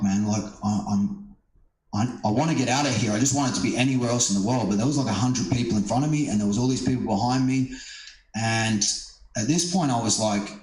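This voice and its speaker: A middle-aged man, a stand-up comedian, telling a story in a casual, rambling way, with lots of swearing, fillers and restarts. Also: medium pitch. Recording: roomy echo.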